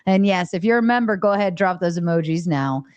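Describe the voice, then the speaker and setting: A woman hosting a live stream debate, briskly moving the panel along to the next caller. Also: on the low side, lively intonation, darkish tone. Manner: brisk, steering. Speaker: show host and moderator.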